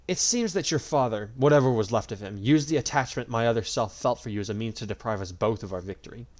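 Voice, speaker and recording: A man's voice: medium pitch, quick pace, darkish tone, close to an everyday voice. A man voicing a smug, cruel male dragon god in a fan audio story, with a mocking, drawling, theatrical delivery.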